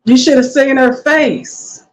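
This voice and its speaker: A woman with a high voice speaks slowly as a guest in a casual interview, animatedly telling stories and acting out others' words in lively voices. The recording is low quality with slight background noise.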